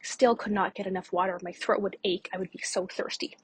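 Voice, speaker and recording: A woman's voice: medium pitch, fairly even intonation, brisk, husky. A woman podcast host telling her own story in a candid, conversational way with frequent fillers. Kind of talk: personal storytelling monologue.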